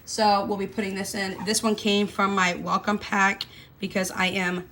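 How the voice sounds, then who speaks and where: A woman's voice: mid-range voice, little pitch movement, moderate pace, fairly bright tone. A woman, chatting casually and folksily to her viewers while stuffing cash envelopes. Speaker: budgeting vlogger. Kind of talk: casual chat to camera.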